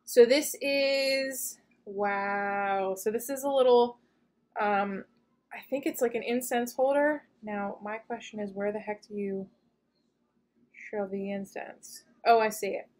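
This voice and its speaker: A woman's voice: mid-range voice, fairly even intonation, slow, darkish tone. A woman hosting a casual unboxing video, chatty and gushing, with lots of fillers as she looks over each item. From United States. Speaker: unboxing channel host.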